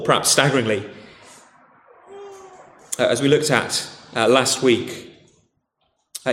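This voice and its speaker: In an echoey hall, a man with a posh English accent delivers a conversational sermon, frequently starting over and saying "okay." His voice is fairly high and fairly bright.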